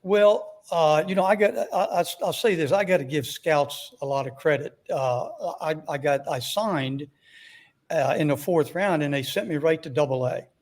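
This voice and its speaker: Slightly high-pitched older man telling stories. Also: normal speed. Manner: rambling, frequent fillers, self-deprecating humor. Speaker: guest, former baseball manager. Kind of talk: casual storytelling interview.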